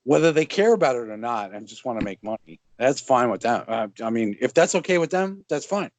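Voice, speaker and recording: A man co-hosting a podcast in casual sports chat, talking in a relaxed, loose way and often chuckling. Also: mid-range voice, brisk, dry recording. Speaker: podcast co-host.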